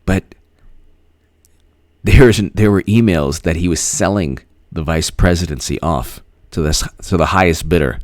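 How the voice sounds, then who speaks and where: A man's voice: deep voice, normal speed, no echo, clean studio sound. A man hosting a live-stream political commentary, rambling, laughing often and thanking viewers by name. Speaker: host.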